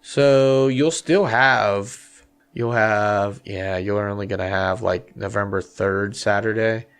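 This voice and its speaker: Male podcast co-host, low gravelly voice, rambling casual talk about hunting. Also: slow pace. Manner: animated, talks in rambling runs with fillers. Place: small podcast studio.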